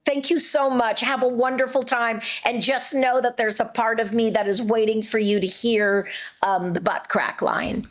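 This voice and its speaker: A middle-aged woman voice actress chatting as an interview guest, warm and rambling with frequent restarts. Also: fairly high pitch, fairly even intonation, normal speed. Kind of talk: casual interview chat.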